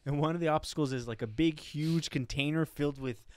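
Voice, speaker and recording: Man, Canadian accent, casual comedic podcast chat, clear voice, dry studio sound. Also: on the high side, a little fast, no room sound. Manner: animated storyteller, acts out voices, laughs often. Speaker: podcast co-host.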